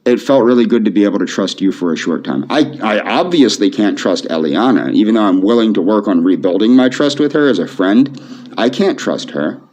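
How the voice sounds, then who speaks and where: A man speaking softly to camera in a pleading, repetitive, emotionally flat way. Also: fairly low pitch, a little fast. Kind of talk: pleading video monologue. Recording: dull lo-fi video audio.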